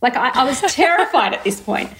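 An Australian woman, a brand founder, telling a long story in an interview, acting out her thoughts with lively quoted asides. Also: high voice, a little fast. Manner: lively, acts out her own thoughts in quotes, many fillers. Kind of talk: animated storytelling in conversation.

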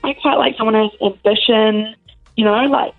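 A woman's voice: a little high, fairly even intonation, normal speed, phone-quality sound. A woman in her twenties with a New Zealand accent, calling in to a radio dating segment, easygoing. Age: 20s. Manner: easygoing, laughs a little. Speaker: caller looking for a date. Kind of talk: casual chat on the radio.

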